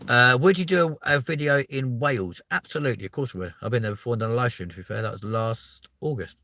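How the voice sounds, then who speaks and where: A young Englishman hosting a live stream, telling rambling stories full of swearing. His voice sits a bit low but has a bright, forceful edge. The sound is dry and close, with almost no room around it. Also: fast talker, no echo. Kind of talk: casual live stream chat.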